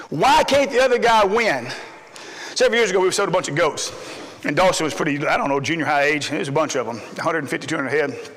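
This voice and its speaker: A middle-aged man, preaching a folksy sermon full of stories, swinging between loud emphasis and low asides. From Texas. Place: church sanctuary. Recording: long hall reverb.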